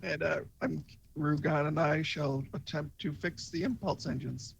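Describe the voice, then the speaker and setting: A man playing a tabletop game, speaking in character as a formal, measured starship commander. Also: a little high, fairly even intonation, gravelly, slightly rough. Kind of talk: in-character role-play.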